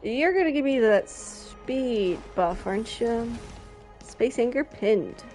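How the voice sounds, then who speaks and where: A young adult woman giving casual gameplay commentary, chatty and excitable, often talking to herself. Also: a little high, takes it slowly, soft background music. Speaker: streamer.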